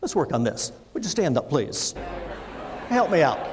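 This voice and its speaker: A man's voice: on the high side, very animated, normal speed, background noise. A middle-aged man giving a humorous keynote speech to a live audience as a motivational speaker, telling stories with punchline timing. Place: large room with audience.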